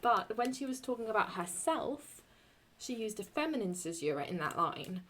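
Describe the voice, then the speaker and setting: A young woman explaining Latin verse in a casual, halting way, often stopping to correct herself as she writes. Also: medium pitch, expressive, a bit bright. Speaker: Latin teacher.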